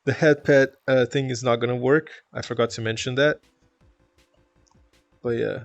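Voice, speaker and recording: A man's voice: medium pitch, fairly even intonation, moderate pace, creaky, no echo, faint music behind. A man from Toronto with a Canadian accent, chatting casually on a live stream, reading chat aloud, rambling and laughing often.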